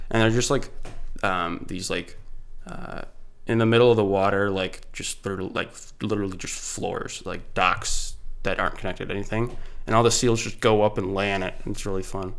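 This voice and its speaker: A man's voice: fairly low pitch, steady tone, brisk, creaky. A young man hosting a casual podcast chat, rambling with lots of fillers and restarts. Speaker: podcast host.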